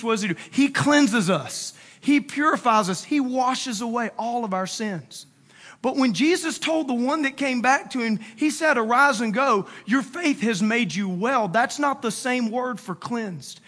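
Male pastor, very high bright voice, casual animated sermon delivery. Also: moderate pace. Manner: slangy, animated storytelling with acted-out quotes.

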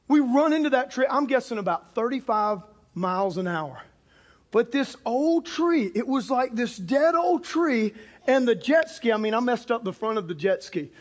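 A man with a strikingly high voice preaches to a congregation, telling a story from the pulpit. He talks animatedly and breaks into loud shouts for emphasis. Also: moderate pace. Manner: animated, bursts into shouts for punchlines. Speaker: pastor. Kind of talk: storytelling sermon. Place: church or auditorium with a live congregation.

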